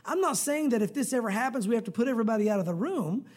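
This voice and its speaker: A man's voice: very high-pitched, lively intonation, very fast. Conversational man preaching a sermon. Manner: conversational, acts out prayers and voices with sudden shouts. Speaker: pastor.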